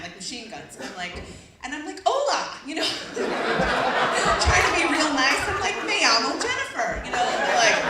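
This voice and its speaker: A young woman telling a funny personal story on stage to a live audience, swearing freely and laughing as she goes. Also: high voice. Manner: profane, animated, laughing through the telling. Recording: echoey room, mic from a distance, loud crowd. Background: audience laughter and noise.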